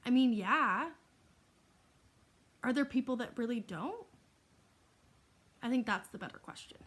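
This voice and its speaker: A young woman answering questions in a chatty, casual vlog, laughing and filling pauses with "um" and "like". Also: fairly high pitch, lively intonation, a bit bright. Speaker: vlogger.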